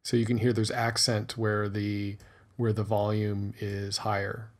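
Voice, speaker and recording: Man, lowish voice, talking through a music tutorial over his screen, methodical, musing aloud as he works. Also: completely flat delivery, a little slow. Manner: explanatory, methodical, thinking aloud while working. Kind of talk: screen-recorded tutorial narration.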